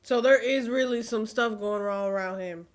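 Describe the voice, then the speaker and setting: A woman's voice: on the high side, normal speed, faint music behind. A young woman hosting a reaction video, chatting casually and talking back to the screen. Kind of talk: casual film commentary.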